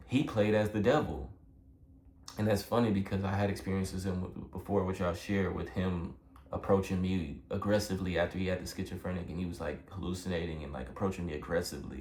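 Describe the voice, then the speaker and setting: A man's voice: sits low, a little mellow. A young man telling a personal story in a casual, rambling way, earnest and emotional, full of fillers. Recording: echoey room with faint background noise.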